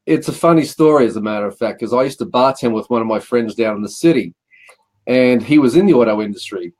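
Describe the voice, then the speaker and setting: A middle-aged Australian man, a guest in a casual interview, tells rambling stories about his work. His mid-range voice is expressive, quick and a little mellow, and he acts out what people said, repeating "he says" often.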